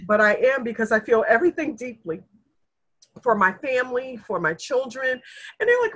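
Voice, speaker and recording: A woman's voice: fairly high pitch, normal speed. A middle-aged woman in casual conversation, telling her family history in an earnest, emotional way and acting out the people she quotes. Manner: earnest, emotional storyteller, animated when quoting others. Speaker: guest sharing family history.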